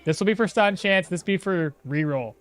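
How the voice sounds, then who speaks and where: A man's voice: high voice, normal speed. A man streaming a game, chatting with his viewers, thinking aloud and laughing often. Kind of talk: casual live-stream commentary.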